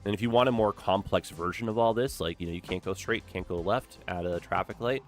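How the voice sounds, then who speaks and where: A man's voice: lowish voice, a little fast, faint music behind. A young man chatting casually while live-streaming a city-building game, upbeat and full of "like" and "eh?".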